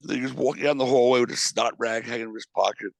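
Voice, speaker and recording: A man, an interview guest and author, telling a lively road anecdote and laughing through it. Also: mid-range voice, fast, creaky, no room sound. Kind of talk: animated storytelling.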